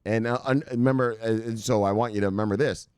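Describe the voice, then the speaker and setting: A man's voice: fairly low pitch, fairly even intonation, quick pace, darkish tone, clear, resonant tone, dry recording, clean studio sound. A man hosting casual crypto news commentary, reading headlines aloud and rambling off into laughing, profane asides.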